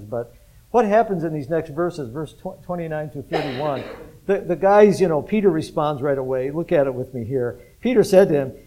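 A man's voice: fairly high pitch, warm tone, poor audio. A man preaching an interactive sermon, talking casually, asking the congregation questions and chuckling often. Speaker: pastor.

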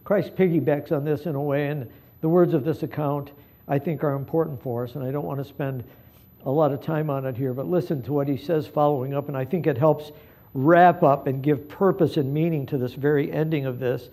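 A man preaching a live sermon, earnest and pleading, moving between hushed passages and emphatic ones. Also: on the high side, fairly even intonation, brisk. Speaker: pastor.

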